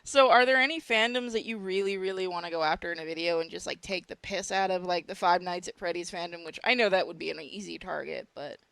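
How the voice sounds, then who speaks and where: A woman's voice: on the low side, fast talker, gravelly, few pauses, fairly bright tone, clear, resonant tone, no room sound. A woman chatting casually as a podcast host, blunt and crude with laughing asides.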